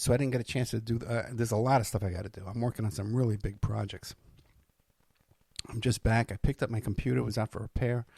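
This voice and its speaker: Tired, rambling New man with gravelly voice. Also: mid-range voice, a little mellow, no echo, studio quality. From New York. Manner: rambling, with many fillers and restarts. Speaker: podcast host. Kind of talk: casual monologue.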